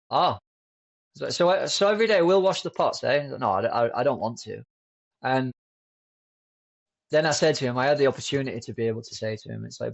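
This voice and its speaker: A man as a podcast guest, chatting in a relaxed, rambling way with many fillers and restarts. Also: mid-range voice, vocal fry, muffled recording. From United Kingdom. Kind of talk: casual conversational storytelling.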